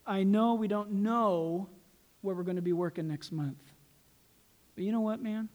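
A man preaching a sermon as pastor, animated and joking, laughing at his own quips. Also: high-pitched, normal speed, muffled recording.

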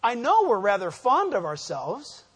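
High-voiced preacher, emphatic teaching. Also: male voice, huge pitch swings, a little slow, fairly bright tone, breathy edge. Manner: emphatic, asks the congregation fill-in questions. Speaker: pastor. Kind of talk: sermon, verse-by-verse Bible teaching.

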